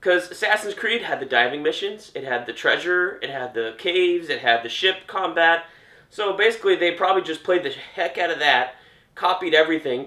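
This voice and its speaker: A young man runs through a list of game announcements in a loose, joking way, his voice bright and slightly high for a man. The room around him rings with a noticeable echo. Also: animated, normal speed. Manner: chatty, jokey, trailing off with restarts. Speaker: gaming commentator. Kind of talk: casual reaction commentary. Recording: roomy echo.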